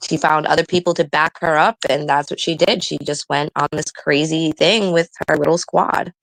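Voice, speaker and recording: Low-voiced blunt woman on a livestream. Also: steady tone, normal speed, creaky, no echo, low-quality recording. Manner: blunt, indignant. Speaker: livestream co-host. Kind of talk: casual gossip chat.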